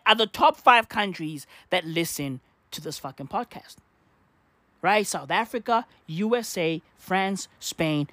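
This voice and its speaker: A man's voice: very high-pitched, bright, forceful tone, dry recording, studio quality. A man hosting a podcast in a rambling, profane comedic monologue. He repeats himself and fills his talk with slang and swearing. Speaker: podcast host.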